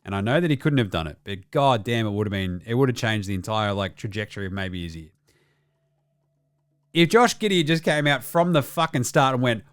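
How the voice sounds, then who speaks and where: An Australian man hosts a casual basketball show, ranting with plenty of swearing. His mid-range voice moves fairly quickly, and the studio-quality recording has no echo.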